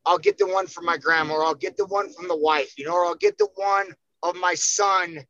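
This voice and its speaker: A man's voice: high-pitched, fairly even intonation, brisk, sharp tone, no echo, dull audio. A man talking as a podcast guest, emphatic and full of cursing, getting fired up as he speaks. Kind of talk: casual podcast chat.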